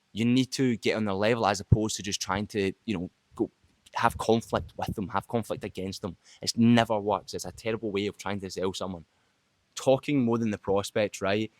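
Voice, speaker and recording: A man's voice: fairly low pitch, no echo. Blunt man giving sales tips. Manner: blunt, casual, swears freely. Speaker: sales trainer. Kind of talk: direct-to-camera sales tips video.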